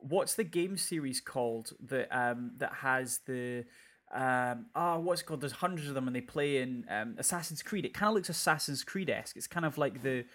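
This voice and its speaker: A man's voice: medium pitch, normal speed, a bit bright. A man hosting a casual podcast chat about upcoming shows, rambling and hunting for words. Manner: rambling, searches for words with many fillers. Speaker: podcast host. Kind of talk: casual entertainment news chat.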